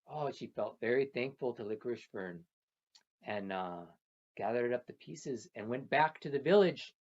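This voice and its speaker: A storyteller speaking slowly and gently, repeating phrases while telling a traditional tale to children. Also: mid-range voice, very animated. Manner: slow, gentle and repetitive, with soft trailing phrases. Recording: dull lo-fi recording.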